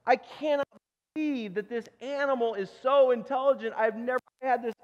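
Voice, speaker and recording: A man's voice: very high-pitched, normal speed, pitched above the performer's own voice. A man voicing an amazed, talkative male butcher in a sermon story, firing off eager questions. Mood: astonished. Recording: dull recording with long church reverb.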